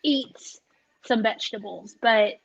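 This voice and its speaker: A playful woman chats and jokes about cooking. Her voice sits fairly high for a woman. Her audio comes through slightly dull, like a remote call. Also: slow, vocal fry, slightly rough. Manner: playful, sassy, humorous. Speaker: podcast host, guest. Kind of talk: casual chat.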